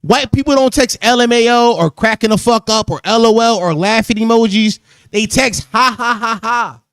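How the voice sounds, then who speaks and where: A man's voice: very high-pitched, normal speed, smooth, no echo, studio quality. A man hosting a podcast in casual chat, joking loosely, laughing often and repeating phrases. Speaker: podcast host.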